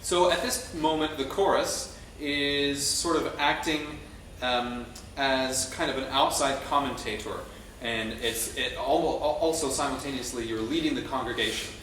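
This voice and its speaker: A man's voice: mid-range voice, fairly even intonation, unhurried, fairly bright tone. A man conducting a choir rehearsal, explaining the music with frequent ums and restarts. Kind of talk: teaching a choral rehearsal. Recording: very echoey room, distant mic, faint noise.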